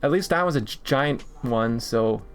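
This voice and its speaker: A man's voice: mid-range voice, lively intonation, normal speed, faint music behind. A man streaming a map game, talking casually to himself, often frustrated and swearing. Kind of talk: casual gaming stream commentary.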